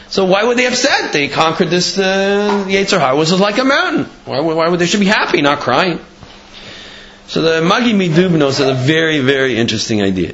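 A man with a high, lively voice gives a Torah class in a sing-song study-hall cadence, swinging his pitch up and down as he explains. The recording is echoey and dull, like a lo-fi room capture. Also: a little hiss or hum. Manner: animated, sing-song study-hall delivery, frequent Hebrew terms. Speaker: Torah teacher. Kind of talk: Torah class on Gemara and Midrash.

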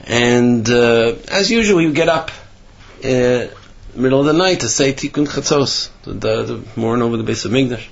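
A man giving a Torah class sermon with animated storytelling, rising in pitch for emphasis. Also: normal speed, creaky, dull audio. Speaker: religious teacher.

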